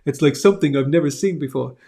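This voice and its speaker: A man doing a deliberately poor impression of a blustering politician, in boastful, repetitive phrasing. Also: a little high, vocal fry, mellow.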